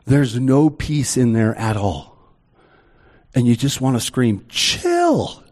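A middle-aged man preaching a sermon in a conversational way, with slow, emphatic pauses. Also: mid-range voice, dark tone. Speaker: pastor.

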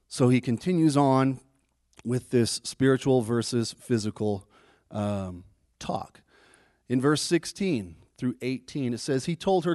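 Pastor, male, mid pitch, talks through Bible verses conversationally; dry close recording. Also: lively intonation, a little slow, darkish tone, no room sound. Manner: conversational, repeats words when restarting. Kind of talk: sermon.

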